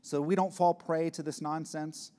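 A man's voice: fairly high pitch, steady tone, moderate pace, dark tone. A man preaching a sermon in an earnest, conversational way, often restarting his phrases. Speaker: pastor.

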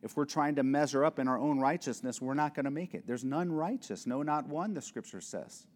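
A man delivers an expository sermon in a church sanctuary, his voice carrying a long reverb through the hall. He is earnest, at an ordinary middle pitch, and sometimes acts out small scenes before pressing a point with emphasis. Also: brisk, a little mellow. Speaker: pastor.

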